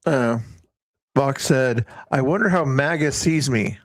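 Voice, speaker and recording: A man's voice: mid-range voice, slow, no room sound. A man hosting a casual livestream, rambling and often breaking off mid-sentence. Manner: rambling, self-interrupting. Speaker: livestream host.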